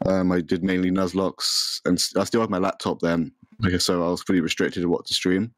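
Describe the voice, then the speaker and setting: Low-voiced young man, rambling. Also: little pitch movement, brisk, no room sound, rough recording. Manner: rambling, many fillers and restarts. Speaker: podcast guest, streamer. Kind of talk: casual chat.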